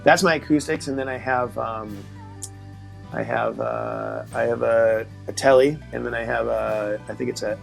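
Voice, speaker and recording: Gravelly man hosting a chat. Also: medium pitch, steady tone, moderate pace, soft background music, poor audio. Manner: enthusiastic, rambling. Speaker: host. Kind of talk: casual video-call interview.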